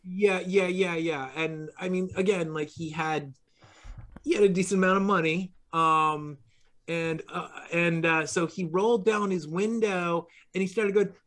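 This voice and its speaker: A middle-aged man from Long Island tells stories in a loose, rambling way, full of "um" and "like" and restarts. His voice sits a touch on the high side. He talks like he's chatting across a table. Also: steady tone, measured pace, fairly bright tone. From New York, Long Island. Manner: rambling anecdotes with many fillers and restarts, laughing through punchlines. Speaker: podcast host. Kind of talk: casual conversation.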